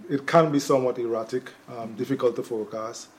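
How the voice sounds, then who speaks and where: A man, a chief weather officer, explaining a forecast as an interview guest in a measured way with frequent fillers. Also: mid-range voice, fairly even intonation, darkish tone, low-quality recording.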